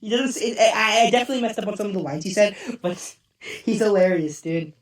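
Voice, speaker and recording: A hoarse-voiced man rambling excitedly through a casual review. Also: high voice, brisk. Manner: rambling and excitable, loses track of names. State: hoarse, strained voice. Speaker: show reviewer. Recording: roomy, distant mic.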